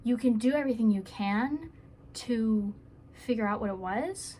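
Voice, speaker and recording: A woman's voice: on the high side, unhurried, mellow, slight background noise. A woman giving earnest, rambling self-help advice to camera in a casual vlog, with playful asides.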